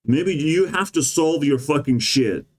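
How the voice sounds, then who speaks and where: A man's voice: a little high, lively intonation, unhurried. A man delivering a rambling, profane and sarcastic monologue as a vlogger. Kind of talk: ranting monologue.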